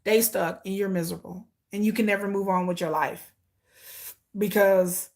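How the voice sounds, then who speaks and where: A commentary vlogger talks casually to her viewers in a medium-pitched voice at normal speed. She tells stories in an animated way and acts out the quotes.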